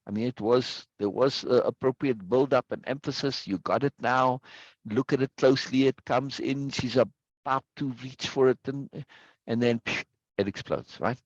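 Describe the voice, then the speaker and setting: A man's voice: mid-range voice, moderate pace, no room sound, muffled recording. A man leading an online study group in a casual, rambling way, who often stops to ask "right?". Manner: rambling, repeats words, asks "right?" often. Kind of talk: casual teaching over a video call. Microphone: video call.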